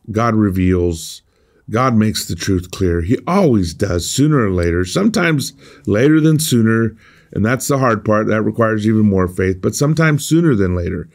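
A man's lowish, slightly mellow voice carries this streamed sermon. Earnest and conversational, he works through a scripture passage, often starting his phrases over.

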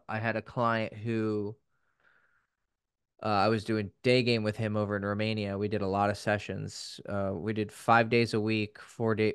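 A young man, a dating coach, telling stories in casual podcast chat, lively and freely swearing. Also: on the low side, clear, resonant tone, no echo, clean studio sound. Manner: animated storyteller, swears freely.

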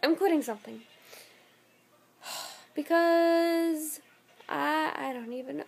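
Young woman, home vlogger, exhausted and yawning, slow and rambling, high voice. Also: vocal fry. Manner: rambling and scattered. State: very tired, yawning. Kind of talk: casual vlog to camera.

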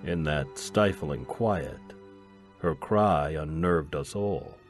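A man with a very deep voice reads a science fiction story slowly. His storytelling is measured and grave, with soft music playing underneath. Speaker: narrator. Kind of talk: audiobook reading of science fiction.

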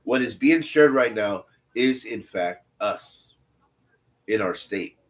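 A man's voice: lowish voice, animated, slow pace. A man teaching a Bible study, reading scripture aloud and breaking off into blunt, conversational asides that repeat phrases for emphasis. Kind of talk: scripture reading with casual commentary.

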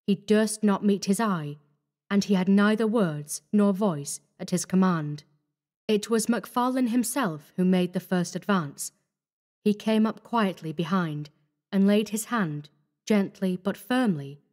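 A woman narrating a horror story in a measured, grave manner. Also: mid-range voice, darkish tone.

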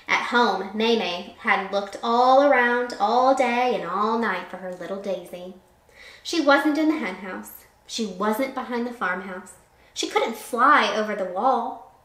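A woman reading a picture book aloud to children as a teacher, telling it expressively with little asides. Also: mid-range voice. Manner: expressive, animated storytelling. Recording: roomy echo.

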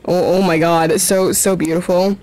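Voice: medium pitch, little pitch movement, moderate pace, a little mellow. A teenager giving casual, giggly commentary while drawing, self-mocking and swearing often, often trailing off and starting over. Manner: rambling, trails off and restarts often. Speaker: drawing vlogger.

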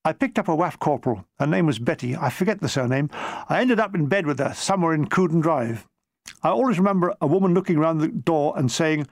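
A man with a fairly high voice reads his own war memoir with wry, deadpan comic timing. The sound is close and dry, with no room echo. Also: brisk.

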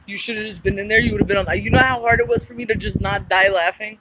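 A woman's voice: medium pitch, steady tone, fast talker, background noise. A woman vlogging in a car and at dumpsters, chatting casually and telling a story in fits of giggles. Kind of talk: casual vlog chat.

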